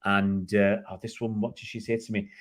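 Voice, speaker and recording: A man's voice: fairly low pitch, level tone, fairly quick. A middle-aged man from England co-hosting a casual chat, rambling through jokey anecdotes with many restarts. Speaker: co-host.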